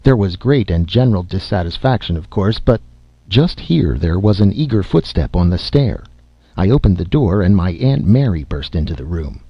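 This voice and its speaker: Deep gravelly-voiced male storyteller. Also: animated, no room sound. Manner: measured, dramatic storytelling. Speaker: narrator. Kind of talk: storybook reading. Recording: slightly dull lo-fi recording.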